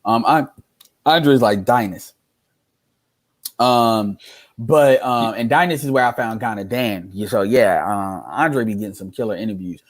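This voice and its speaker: A man's voice: fairly low pitch, a little slow. A man giving casual reaction commentary as a streamer, ranting in a heated, profane way.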